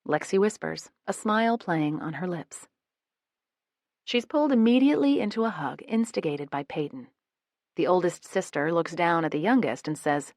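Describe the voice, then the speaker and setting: A woman's voice: lowish voice, animated, moderate pace, darkish tone, no room sound, clean studio sound. A woman narrating a romance audiobook in the first person, switching into many character voices.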